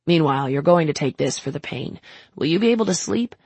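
A woman voicing a brash, doting older man who talks in a brisk, bossy, affectionate way. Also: deep voice, expressive, a little mellow, slightly rough, dry recording, full character voice.

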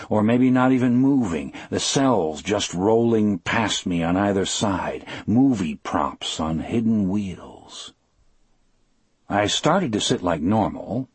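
A man narrating an audiobook in a measured, unhurried first-person telling. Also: lowish voice, slightly rough, dry recording.

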